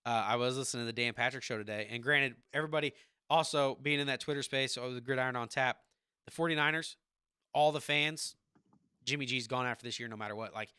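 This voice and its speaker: A man in his thirties hosting a casual sports podcast from his home basement, rambling in an animated fan's way. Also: medium pitch, clean tone, no echo, studio quality. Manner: rambling, animated football fan. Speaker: podcast host.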